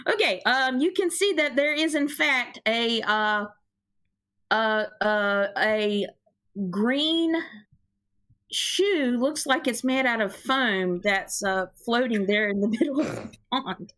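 A woman narrating as game master of a tabletop game, giggly and halting, with many fillers. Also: a little high, expressive, a bit bright.

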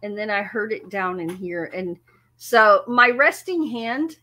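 A woman's voice: medium pitch, a little slow. A woman hosting a music channel, telling a story casually to her audience, laughing often and poking fun at herself. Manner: laughs often, animated and self-mocking.

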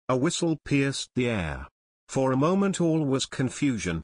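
A man reading a novel aloud as an audiobook narrator, steady and measured. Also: medium pitch, no echo, clean studio sound. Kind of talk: scripted narration.

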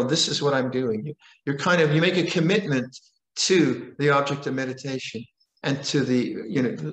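An older man, a meditation teacher, gives a calm, conversational dharma talk with frequent repetitions and rhetorical questions. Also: a little high. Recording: roomy echo.

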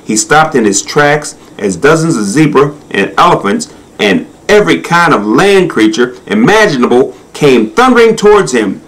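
A man reading a children's storybook aloud in a slow, expressive, sing-song manner. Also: on the high side, poor audio. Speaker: narrator.

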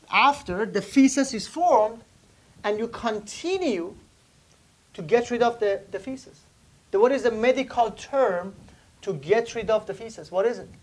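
A man teaching anatomy to a live class, asking students questions and repeating key terms while writing on the board. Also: high voice. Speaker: anatomy instructor. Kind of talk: classroom lecture.

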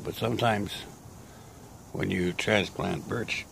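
A man talking casually outdoors in a vlog, sounding sick and short of breath, slow and rambling with pauses. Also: low voice, steady tone, creaky, slight background noise. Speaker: vlogger. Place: outdoors in a garden grove.

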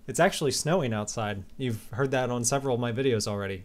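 A man hosting a casual gaming video, chatty and playful, reading out player messages and shouting now and then. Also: medium pitch, animated, quick pace. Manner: chatty and playful, bursts into yells. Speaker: Minecraft server host reading player messages.

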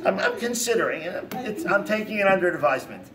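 A man lectures a congregation as a rabbi, building points through emphatic repetition and lively storytelling. His voice sits fairly high. He is heard from a distance in a synagogue hall. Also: fast talker, a crowd in the background.

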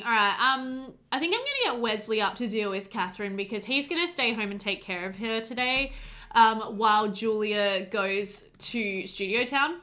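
A woman hosting a casual let's play, chatting excitably to her game characters as she plays. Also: fairly high pitch. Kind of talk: casual gameplay commentary.

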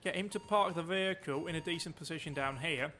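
A man calls out orders in live gameplay commentary, excitable and loud. His voice sits a little high. Faint game music plays underneath. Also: fast. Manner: excitable, talks loud, quips at himself. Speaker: streamer.

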